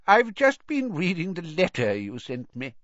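A man's voice: on the high side, huge pitch swings, a little slow, fairly bright tone, no echo, pitched above the performer's own voice, full character voice. A man voicing a feeble, kindly old male headmaster wizard in a storybook reading. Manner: quavering, kindly. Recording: dull, dry recording.

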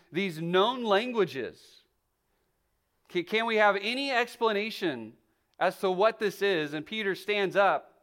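A male pastor with a notably high voice preaches in an easy, conversational way. He often stumbles and restarts phrases as he thinks aloud, walking his listeners through the text. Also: a bit bright. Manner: conversational storytelling with many restarts. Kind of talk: sermon.

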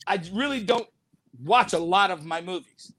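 Man, high-pitched, casual interview storytelling, frequent laughter, acts out quoted voices. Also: moderate pace, pushed and bright. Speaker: actor guest.

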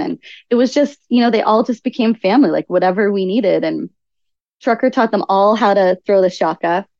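A woman guest on an interview podcast, telling stories in an animated way and acting out what people said. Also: lowish voice, no room sound, highs cut off. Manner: animated storyteller acting out quoted speech. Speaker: podcast guest, author and nutritional coach. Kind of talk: conversational interview storytelling.

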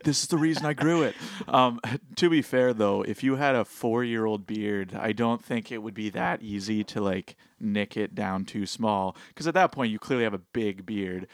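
A man's voice: lowish voice, moderate pace, few pauses, no echo, clean studio sound. A man in his twenties from Canada co-hosting a podcast, laid-back and agreeable in casual chat. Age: 20s. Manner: laid-back, agreeable, many short yeahs. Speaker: podcast co-host.

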